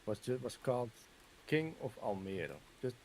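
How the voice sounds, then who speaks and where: A man's voice: medium pitch, sing-song, unhurried, dark tone, a little hiss or hum, rough recording. A Dutch man chatting casually while gaming, telling rambling anecdotes full of fillers and small laughs. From Netherlands. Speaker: Minecraft streamer's guest or co-player.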